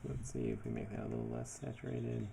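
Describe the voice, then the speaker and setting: A man talking casually through his design work as he goes, thinking aloud in a relaxed way with many fillers. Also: mid-range voice, fast, vocal fry, a little hiss or hum. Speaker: web developer building his portfolio. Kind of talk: casual screen-share commentary.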